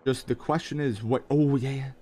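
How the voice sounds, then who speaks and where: A man's voice: mid-range voice, steady tone, normal speed, mellow, slight background noise, poor audio. A young man streaming a mobile shooter, giving hyped play-by-play commentary and talking straight to his chat with lots of exclamations. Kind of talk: excited gameplay commentary.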